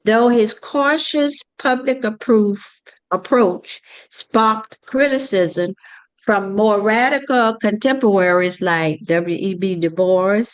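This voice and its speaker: Female reader, slow and careful, self-corrects small slips. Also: medium pitch, rough recording. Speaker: class participant reading aloud. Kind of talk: reading a text aloud.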